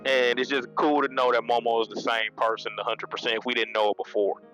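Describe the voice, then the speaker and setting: A man's voice: medium pitch, little pitch movement, fast, sharp tone, soft background music, rough recording. Laid-back man retelling a manga chapter. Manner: loose and conversational, laughs often, many restarts and slang. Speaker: manga reviewer. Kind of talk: casual spoken review, retelling scenes.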